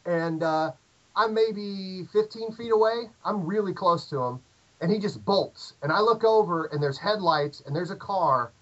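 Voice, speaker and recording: A middle-aged American man telling a long, animated anecdote in casual chat, with lots of fillers and restarts. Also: high-pitched, a little slow. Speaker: podcast guest. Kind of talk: casual storytelling. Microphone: remote call audio. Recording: dull lo-fi call audio.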